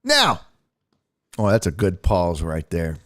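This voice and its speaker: A man hosting a sports show, casually breaking down a video clip in animated, profane commentary. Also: sits low, takes it slowly, heavy background noise.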